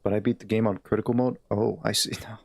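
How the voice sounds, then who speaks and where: A man's voice: on the low side, flat delivery, fast talker, gravelly, darkish tone, husky, no room sound. A man live-streaming a game, chatting in a laid-back, easygoing way with his viewers. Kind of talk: casual live-stream chat.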